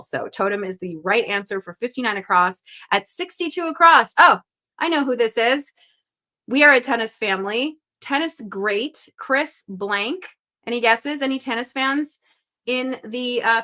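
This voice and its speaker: A woman's voice: mid-range voice, bright, forceful tone. A young woman hosting a live puzzle stream, chatting casually and reading out viewers' guesses with upbeat energy. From Western Canada.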